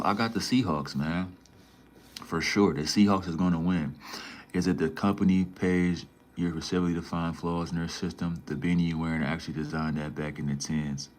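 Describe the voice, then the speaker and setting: Brief: young male streamer from Minnesota, very low voice, loose slangy chat with viewers. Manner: laid-back slangy banter, says "man" and "bro" a lot. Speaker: livestreamer. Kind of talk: casual livestream chat reading viewer comments.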